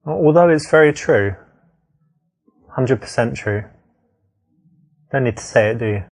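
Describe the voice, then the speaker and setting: A man's voice: medium pitch, animated, measured pace, creaky. A man as dating coach, explaining and advising between scenes of a game in a matter-of-fact way. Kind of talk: instructional commentary.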